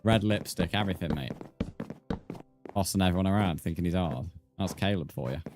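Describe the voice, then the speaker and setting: Streamer bloke, low voice, swears a lot and counts blocks out loud, music behind him. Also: male voice, brisk. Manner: banters with chat, swears, counts blocks aloud. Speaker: game streamer. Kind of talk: casual live-stream chat. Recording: background music under voice.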